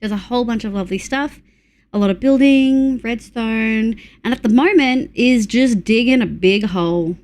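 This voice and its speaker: High-voiced Australian woman streamer. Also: moderate pace. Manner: affectionate, greeting viewers warmly. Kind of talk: casual live-stream chat.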